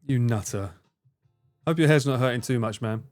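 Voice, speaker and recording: A man's voice: medium pitch, moderate pace, a little mellow, soft background music. A man streaming live, chatting casually with his viewers, swearing freely, laughing and bantering.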